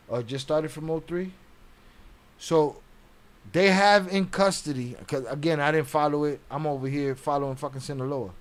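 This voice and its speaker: A man hosting a casual live stream, reading chat aloud and talking bluntly with heavy profanity and frequent laughs. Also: fairly high pitch.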